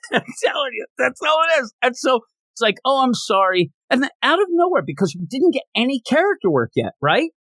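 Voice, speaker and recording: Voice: high voice, no room sound. A podcast co-host chatting casually about a manga, acting out lines from the story in bursts. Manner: animated, acts out dialogue in quick bursts. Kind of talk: casual manga review chat.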